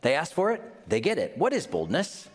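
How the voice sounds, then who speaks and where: A man's voice: a little high, wildly swooping pitch, brisk, faint music behind. A man with a Midwestern accent preaching a sermon as pastor, conversational, putting questions to the congregation and acting out little scenes in mock voices.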